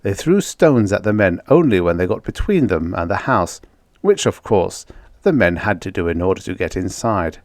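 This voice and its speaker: Male audiobook narrator, fairly low voice, lively delivery, dry close sound. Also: moderate pace, no echo. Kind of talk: scripted narration.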